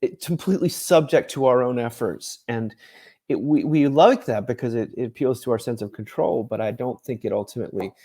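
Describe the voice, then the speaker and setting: A male author interviewed about his book, with a voice of middling pitch. He explains his ideas thoughtfully and at length, and lets small laughs slip between phrases. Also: brisk, warm tone, slightly rough. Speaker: author and ministry director, guest. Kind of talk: conversational interview.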